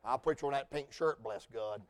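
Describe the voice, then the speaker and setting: A male preacher, telling folksy stories and building to shouted preaching. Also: mid-range voice, moderate pace, slight background noise. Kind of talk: sermon.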